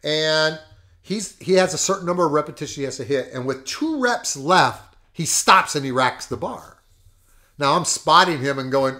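Man, podcast host, animated storytelling, emphatic, lively, fairly high voice. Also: moderate pace. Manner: animated, emphatic, laughs often. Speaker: podcast host and fitness coach. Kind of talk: casual storytelling.

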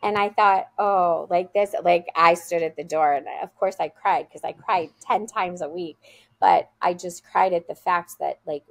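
Brief: woman school leader guest, lowish gravelly voice, earnest and heartfelt storyteller. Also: moderate pace, no echo. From USA. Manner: earnest, heartfelt anecdote-telling. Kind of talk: conversational interview storytelling.

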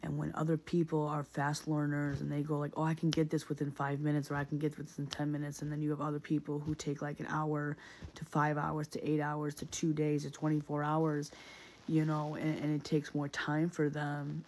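A man's voice: a little high, monotone, normal speed, a little mellow. A man in a casual, reflective monologue, speaking earnestly and often repeating himself with many fillers.

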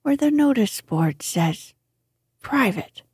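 A woman reading a bedtime storybook in whispered role-play, her voice a breathy, airy hush. She takes it very slowly, in a dark and mellow tone. The mic sits close in a dry, quiet space. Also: mid-range voice, expressive, no room sound. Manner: soft, slow bedtime storytelling. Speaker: sleep story reader.

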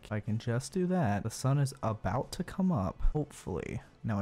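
A man's voice: medium pitch, a little mellow. Guy doing let's play commentary, easily spooked, jokes at himself, talks to the mobs. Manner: jumpy, self-mocking, talks to the game. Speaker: gaming streamer.

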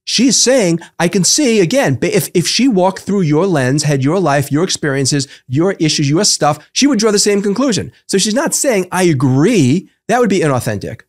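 A man's voice: high voice, sing-song, moderate pace, few pauses. A man who is a psychotherapist, talking in a podcast interview and explaining ideas through everyday examples and rhetorical questions. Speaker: psychotherapist guest.

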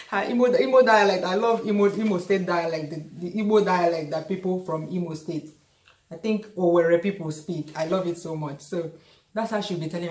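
Middle-aged Nigerian woman, cooking vlog host, animated storyteller, slightly low voice, echoey home kitchen. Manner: chatty, laughs often, animated storytelling. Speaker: cooking vlogger. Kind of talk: casual cooking demonstration and storytelling.

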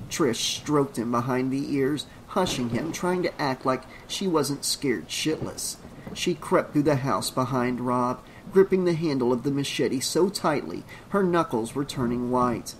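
A man reading a horror novel aloud as an audiobook narrator, in a measured, suspenseful delivery. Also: mid-range voice, a little hiss or hum, rough recording.

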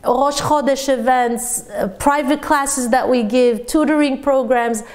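Woman, Torah teacher, sermon-style lesson, lively storyteller, somewhat high voice. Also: unhurried.

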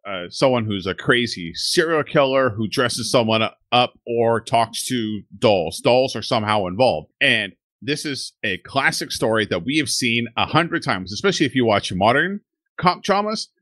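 A man's voice: medium pitch, expressive, normal speed, a bit bright, no echo. A man co-hosting a podcast in casual chat, laughing often as he breaks down an episode. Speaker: podcast co-host.

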